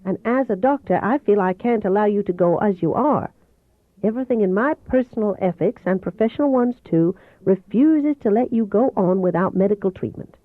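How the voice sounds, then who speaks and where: A woman reading as a kind male doctor with a soft, melodious voice, a slight Southern accent and a calm, coaxing manner. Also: medium pitch, moderate pace, dry recording, voice pushed up, natural voice. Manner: calm, coaxing, gently teasing. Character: kind older male doctor, gentle and persuasive. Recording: dull, dry home recording.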